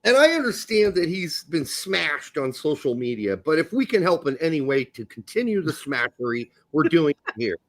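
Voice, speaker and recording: A man's voice: on the high side, normal speed, hardly any pauses. A man in his fifties co-hosting a soccer podcast, joking crudely in casual chat. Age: 50s. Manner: animated, crude, jokey. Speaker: podcast co-host.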